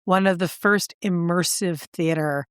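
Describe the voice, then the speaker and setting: A woman co-hosting a podcast, chatting and telling stories with animated impressions. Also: fairly low pitch, measured pace, smooth, dry recording, studio quality. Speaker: podcast co-host. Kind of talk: casual chat.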